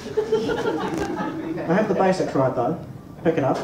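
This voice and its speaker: A young man with a New Zealand accent doing a stand-up comedy set, deadpan, profane and self-mocking. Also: high-pitched, takes it slowly. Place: small pub stage. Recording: echoey pub room, mic far off, noisy.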